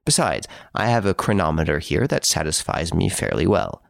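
A man voicing a suave gentleman thief who mocks the detective from his prison cell, urbane and playfully boastful. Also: low-pitched, big pitch swings, normal speed, vocal fry, no room sound, full character voice. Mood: playful, sly.

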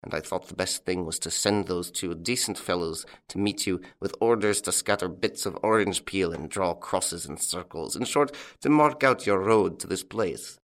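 A man reading the part of a suave, mocking young gentleman thief in an audiobook, with a playful, teasing manner. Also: low voice, moderate pace, hardly any pauses.

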